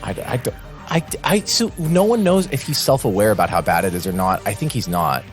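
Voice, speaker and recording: A man's voice: fairly low pitch, lively intonation, a little fast, soft background music. A man co-hosting a podcast, rambling through an anecdote and laughing as he talks. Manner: rambling storyteller, laughs mid-sentence. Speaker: podcast co-host. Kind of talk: casual chat.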